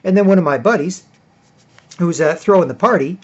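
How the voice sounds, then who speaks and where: A man's voice: sits high, a little fast. A man telling a long casual story in a rambling way, tagging his sentences with "right?" and "whatever". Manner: acts out other people in a raised, mocking voice. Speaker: vlogger. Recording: dull lo-fi recording.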